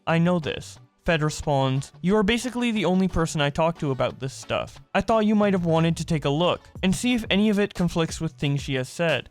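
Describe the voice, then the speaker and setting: Man reading out chat logs. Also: on the high side. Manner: reads message exchanges aloud in a flat narrating voice, with brief reactions. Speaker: commentary host. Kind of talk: reading out and commenting on messages.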